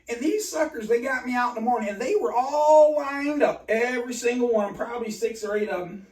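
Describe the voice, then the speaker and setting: A man telling a rambling personal story in an agitated, halting way, full of restarts and swearing. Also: extremely high pitch, darkish tone. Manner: profane. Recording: roomy and distant from mic.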